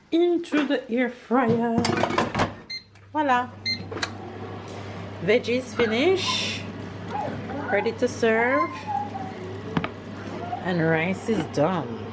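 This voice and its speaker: A Jamaican mother in her thirties narrates a casual family vlog from her home kitchen in a fairly high voice over very noisy audio. She playfully quizzes her kids in a sing-song manner.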